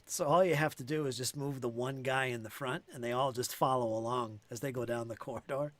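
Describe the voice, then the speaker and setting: A man's voice: mid-range voice, steady tone, fairly quick, no echo. A man running a tabletop game as game master, thinking aloud with fillers and restarts.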